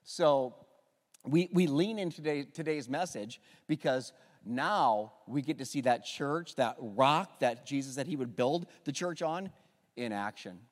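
In a large hall, a pastor with a mid-range, unhurried voice opens a Sunday service in the church sanctuary. He leads the congregation in call-and-response as his sermon introduction builds toward bringing on a guest speaker.

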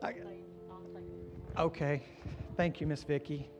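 A man's voice: on the high side, level tone, slow, faint music behind. A man pastor leading a baptism service, chatty and encouraging with the people coming forward. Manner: warm, encouraging, chatty asides.

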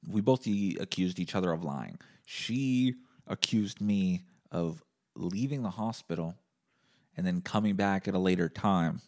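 A man hosting a podcast, telling a comedic story as a deadpan, profane rant and acting out both sides of the argument himself. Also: low-pitched, a little slow. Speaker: podcast host.

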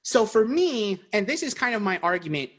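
A man's voice: sits high, moderate pace. A man telling stories animatedly in casual chat as a podcast co-host, often restarting his sentences. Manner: animated storyteller with many restarts.

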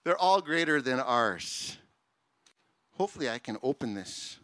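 A male pastor preaching a sermon with passion, moving from soft, quiet stretches to loud, rising appeals. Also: mid-range voice, fairly quick, no echo.

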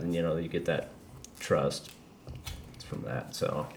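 A man with a very low voice talks through his thoughts in a loose, rambling way, dropping casual swears. He hosts a podcast, there is faint noise underneath, and his tone stays candid and unpolished. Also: normal speed. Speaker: podcast host. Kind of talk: casual chat.

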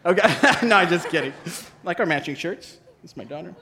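A man in his forties preaching a sermon, his voice pitched high and lively as he jokes with the congregation. He talks in a loose, conversational way on a worn mic. The sound carries a long reverb from a large church hall. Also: brisk. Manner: animated, joking, conversational. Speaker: pastor. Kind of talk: sermon with a live demonstration. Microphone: wearing a mic.

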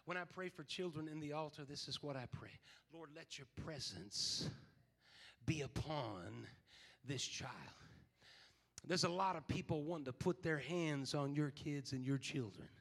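A man's voice: a little high, a little slow, vocal fry, fairly bright tone, long reverb tail. A man pastor preaching a fervent sermon, quoting scripture and calling on the congregation to respond.

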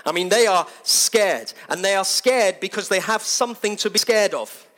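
A man preaching a sermon, speaking in a slightly high voice. He talks conversationally but with animated emphasis, repeating phrases to drive points home. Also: moderate pace.

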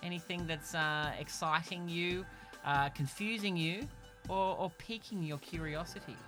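A man's voice: a little high, measured pace, sharp tone, soft background music. A middle-aged Australian man co-hosting a podcast, talking in a dry, wry and rambling way with many fillers. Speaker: podcast co-host. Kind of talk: casual chat. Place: a house in the evening.

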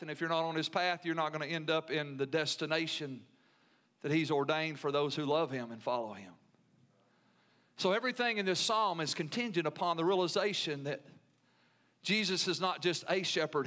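A man's voice: fairly high pitch, a little fast, sharp tone. A man with a Southern US accent preaching a sermon as pastor, with emphatic repetition and call-and-response to the congregation.

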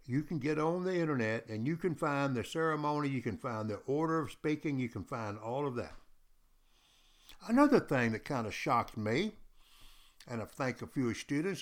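A man from Texas, giving a podcast history lecture as a teacher who tells stories emphatically and repeats key phrases. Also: medium pitch.

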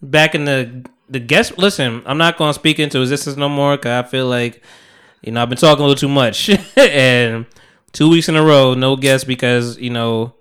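A man's voice: mid-range voice, normal speed, a bit bright, clean tone. A man in his thirties hosting a podcast in loose, profane casual chat, laughing often. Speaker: podcast host.

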